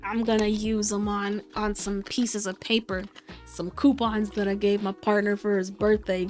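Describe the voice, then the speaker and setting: A woman's voice: medium pitch, darkish tone. A woman streaming a game and chatting casually, rambling and amused with herself. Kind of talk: casual gaming stream chat.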